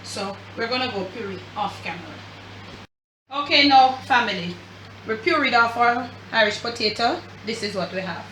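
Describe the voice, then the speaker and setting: A chatty Jamaican woman walks her viewers through a recipe in a home kitchen, talking easily to them as family. Her voice is bright and fairly high. It comes from a step away from the mic, with an echoey room around it. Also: expressive, normal speed, far from the mic, slight background noise. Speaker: cooking show host. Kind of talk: casual cooking demonstration.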